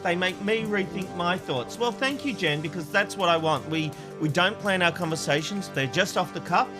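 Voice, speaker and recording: High-voiced Australian man reading feedback. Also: normal speed, over music. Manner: playful, laughs often, restarts lines. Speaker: co-host reading viewer feedback. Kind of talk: casual panel chat.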